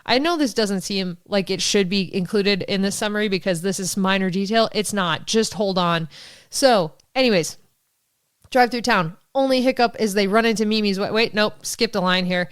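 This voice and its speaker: Smooth-voiced woman podcast host. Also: mid-range voice, no echo, studio quality. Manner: rapid, animated storytelling with quick asides. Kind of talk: casual book-summary chat.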